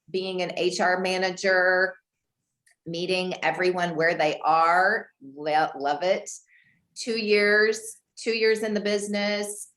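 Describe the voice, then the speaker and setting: Woman from houston coaching realtors, lowish voice, acts out little scenes, roomy echo on the call. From Houston, Texas, US. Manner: animated, acts out dialogue with big pitch jumps. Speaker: guest real estate coach. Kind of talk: coaching talk on a video call. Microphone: video call.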